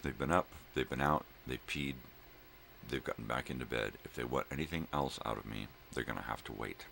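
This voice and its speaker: Older male vlog host, very low gravelly voice, rambling and profane, faint room hiss. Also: a little fast, fairly bright tone. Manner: rambling, profane, drifting between thoughts with fillers. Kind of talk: casual morning monologue to viewers. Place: at home in the early morning.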